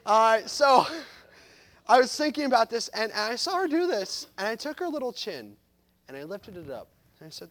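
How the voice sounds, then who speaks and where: A man in his thirties delivers a sermon from the pulpit. His voice sits remarkably high for a man, and he swings from loud, emphatic lines to soft, reflective ones. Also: very animated, moderate pace. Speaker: pastor.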